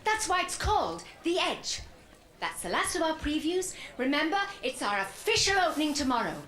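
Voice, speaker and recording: A high-voiced club compere. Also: female voice, very animated, normal speed. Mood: chirpy. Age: middle-aged. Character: female comedy club owner, brassy compere. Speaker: club owner introducing acts. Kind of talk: radio drama acting. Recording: roomy stage with loud crowd noise.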